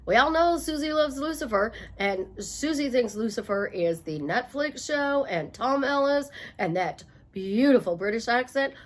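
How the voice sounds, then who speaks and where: A middle-aged woman coaches her listeners in a motivational talk. Her voice sits a little high, and she drives each point home by repeating it. Playful asides break up the emphatic delivery. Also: expressive, moderate pace, few pauses. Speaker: life coach.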